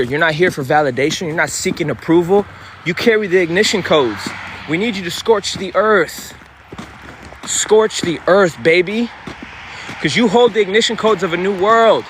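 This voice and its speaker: A man delivers a fierce, confrontational motivational sermon outdoors, cursing freely as he pushes his listeners. His voice sits a bit high for a man. Steady street noise runs clearly behind him. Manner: intense, profane, confrontational. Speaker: spiritual vlogger. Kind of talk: preachy motivational monologue.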